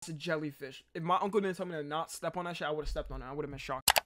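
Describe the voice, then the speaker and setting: A man's voice: a little high, fast talker, heavy background noise. A man hosting a reaction video, joking loosely, swearing and talking back to the clip he watches. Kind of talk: casual reaction commentary.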